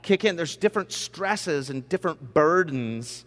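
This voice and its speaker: Guy speaking to students, fairly high voice, chatty and joking, echoey hall reverb. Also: expressive, measured pace, a bit bright. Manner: conversational, self-deprecating, joking asides. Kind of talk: humorous storytelling talk.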